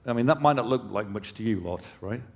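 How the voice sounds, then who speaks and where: A company presenter, a man with a lowish, expressive, slightly mellow voice, speaks fairly quickly at a conference. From the hall stage he explains in a conversational way, adding casual asides to the audience, while a long hall reverb fills the recording.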